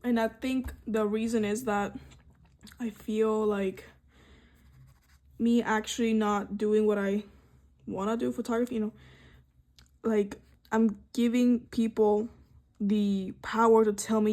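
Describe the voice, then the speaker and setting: A young woman in her twenties, an art student, chatting casually in soft ASMR style while painting, rambling to herself with lots of fillers. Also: a little high, little pitch movement, takes it slowly, pauses often. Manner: rambling soft-spoken self-talk with frequent fillers.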